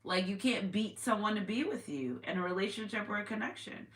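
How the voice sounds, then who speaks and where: A tarot reader with a mid-range voice talks fairly quickly as she casually reads cards for her viewers. Her chatter repeats itself and is broken up by abrupt exclamations, all captured in an echoey space with slight background noise.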